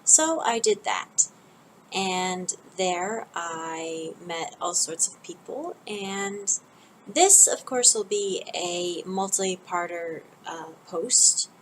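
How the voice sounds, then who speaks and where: A woman's voice: lowish voice, expressive, drawn-out words, a little hiss or hum, low-quality recording. Chatty American woman vlogging. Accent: General American. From northern United States, near Canada. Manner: chatty and rambling, with many ums and restarts. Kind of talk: casual storytelling vlog.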